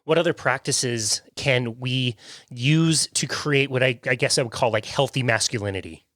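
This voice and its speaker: A man's voice: mid-range voice, normal speed, a bit bright, dry recording, clean studio sound. A man hosting an interview, asking questions and reacting briefly. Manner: brief, reacts with short exclamations. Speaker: podcast host.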